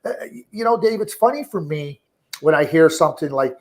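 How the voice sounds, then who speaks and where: A man's voice: on the high side, brisk. A middle-aged man, a hockey scouting director, talking in a radio interview, often repeating words and restarting sentences. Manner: talkative, repeats words and restarts, animated when quoting.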